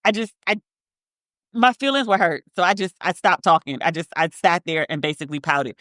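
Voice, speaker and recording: A woman's voice: lowish voice, animated, fairly quick, fairly bright tone, dry recording, clean studio sound. A woman in her thirties co-hosting a podcast in casual chat, telling a story with lots of restarts and tangents. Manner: rambling, self-interrupting storyteller with frequent restarts. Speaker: podcast co-host.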